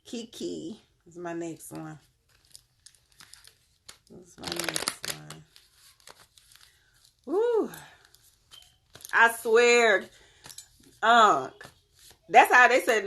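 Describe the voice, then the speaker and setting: Woman doing a tarot reading, gravelly fry in her voice, loose and slangy, cusses and laughs a lot. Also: mid-range voice, very slow, pauses often. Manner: animated, slangy and profane, laughing often. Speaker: tarot reader. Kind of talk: casual tarot reading to viewers.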